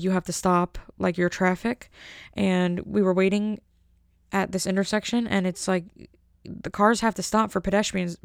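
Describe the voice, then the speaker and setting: A woman's voice: mid-range voice, no room sound, studio quality. A young woman delivering a rambling, jokey comedic monologue and often interrupting herself.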